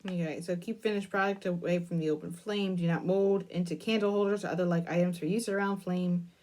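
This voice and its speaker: A woman's voice: on the low side, fairly even intonation, a little fast, darkish tone. Rambling woman chatting while crafting. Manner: rambling storytelling, asides about her work. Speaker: crafting channel host. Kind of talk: casual chat while crafting.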